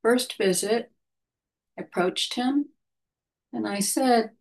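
Slow, soft-spoken woman telling a story. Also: a little high. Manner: slow, gentle and thoughtful, often dropping to a soft voice. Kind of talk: reflective personal storytelling.

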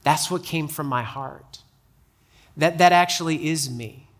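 A man's voice: a little high, measured pace. A male pastor preaching a sermon in a conversational way, often repeating words as he restarts. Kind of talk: sermon with personal anecdote.

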